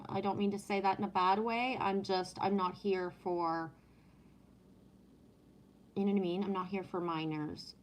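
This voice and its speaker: A woman's voice: medium pitch, slight background noise. Chatty woman with a French accent. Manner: relaxed, chatty, greets viewers by name. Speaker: live streamer. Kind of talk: casual live-stream chat and oracle card reading.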